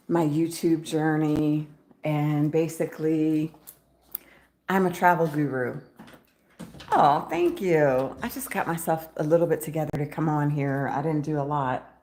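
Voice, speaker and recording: At home in the morning, a chatty travel vlogger talks casually to her camera in a slightly low, a little mellow voice. She rambles from one thought to the next, laughs easily and speaks to her cat over a faint background hiss.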